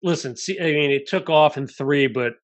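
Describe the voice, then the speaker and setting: A man co-hosting an interview, hesitant and filling pauses as he works up to a question. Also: on the high side, dry recording. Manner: hesitant, many fillers before questions. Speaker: podcast co-host. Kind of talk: casual interview chat.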